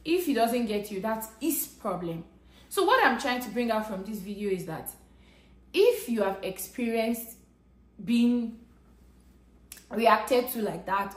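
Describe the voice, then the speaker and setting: A Nigerian woman with a Nigerian English accent, telling a personal story to camera in an earnest, conversational way. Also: a little high. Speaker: vlogger. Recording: echoey room.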